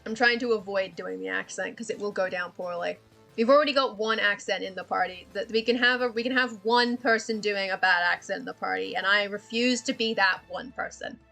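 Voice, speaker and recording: Bright-voiced woman rambling while drawing. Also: mid-range voice, creaky, faint music behind. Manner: rambling, swearing, quick laughs. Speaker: art streamer. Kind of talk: casual livestream chat while drawing.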